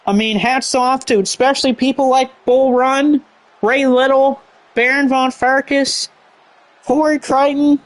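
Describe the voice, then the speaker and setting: A man's voice: very high voice, fairly even intonation, a little slow. A man doing rambling play-by-play commentary on a wrestling show, heavy on fillers.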